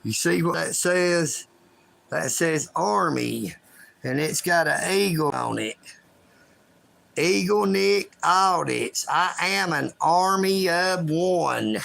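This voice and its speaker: A man rambling loudly and emphatically on a livestream from his bedroom. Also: fairly high pitch, animated, slow, creaky, no echo. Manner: loud, emphatic, self-promoting.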